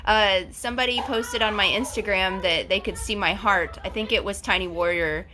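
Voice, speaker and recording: A woman's voice: medium pitch, moderate pace, over music. A woman in her forties chatting effusively on a phone live stream, reading out viewers' comments as host. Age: 40s. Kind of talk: casual live-stream chat.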